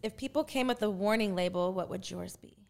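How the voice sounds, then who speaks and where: A woman's voice: mid-range voice, a little fast, gravelly. A woman interviewing her guest in casual chat, blunt and teasing. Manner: blunt, teasing, laughs often.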